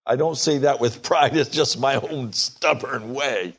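Slightly slow and husky, with a fairly bright tone, a man in his sixties delivers an emphatic sermon. The quoted prayers he acts out rise in pitch.

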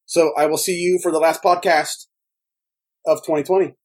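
A man co-hosting a podcast in casual chat, rambling and excitable, laughing often. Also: a little high, moderate pace. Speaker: podcast co-host.

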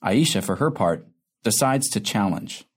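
A man narrates a scripted drama in a low, slightly husky voice. His delivery is calm and observant, though his pitch moves a lot, and he describes each reaction like a stage direction. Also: unhurried.

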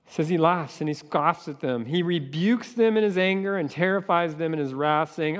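A man's voice: fairly high pitch, moderate pace. A man preaching a sermon with passion, acting out voices as he goes. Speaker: pastor. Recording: long hall reverb.

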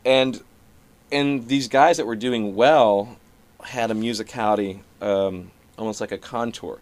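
A middle-aged man, a comedian and musician, talking casually and profanely, speeding up and slowing down and shifting loudness as he explains. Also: medium pitch. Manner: animated, shifts pace and loudness to illustrate rhythm; profane, conversational. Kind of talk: casual podcast conversation.

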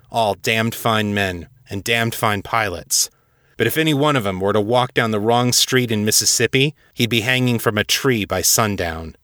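A man's voice: fairly low pitch, pushed and bright, dry recording. A man voicing a blunt, commanding older Air Force colonel who swears freely and talks dryly. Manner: profane, commanding, dry.

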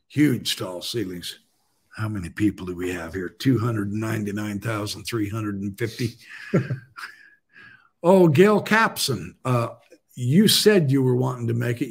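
Chatty husky-voiced man hosting a live stream. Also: medium pitch. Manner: chatty, joking, animated. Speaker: podcast host. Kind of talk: casual live-stream chat.

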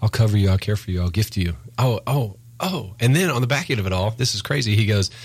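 A man's voice: lowish voice, quick pace, slightly rough. A man in a casual faith conversation, telling stories and acting out sarcastic voices. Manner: animated storyteller who acts out sarcastic voices.

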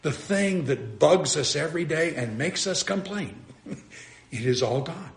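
A man's voice: a little high, expressive, unhurried, creaky, echoey room. A man preaching a sermon, earnest and emphatic, often repeating and restarting his phrases.

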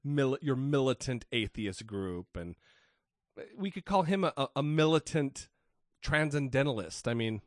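A man's voice: mid-range voice, animated, normal speed, no echo, studio quality. Profane, joking podcast co-host man. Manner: profane, joking, stumbles and restarts often. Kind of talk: casual skeptic podcast chat.

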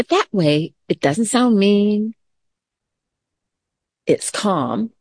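A middle-aged woman leads a children's mindfulness lesson, talking to the kids in a gentle, patient way. She speaks slowly with a slightly low voice. The sound is close and dry, with no room echo. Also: breathy edge. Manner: calm, gentle, talks straight to children. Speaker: teacher.

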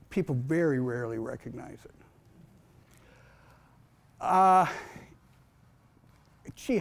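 An older male author telling funny family stories to a library audience, animated and laughing as he goes. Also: a little high. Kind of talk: storytelling talk to an audience.

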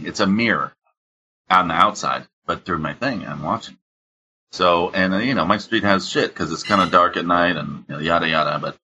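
A man's voice: low voice, pushed and bright, lo-fi sound, slight background noise. A man casually telling a profane story, acting out both sides of an argument in a raised voice.

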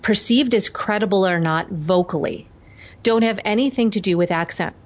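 A woman's voice: medium pitch, normal speed, slight background noise. Coaching woman, dull lo-fi audio. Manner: warm, coaching, emphatic. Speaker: vocal coach guest. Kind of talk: interview talk.

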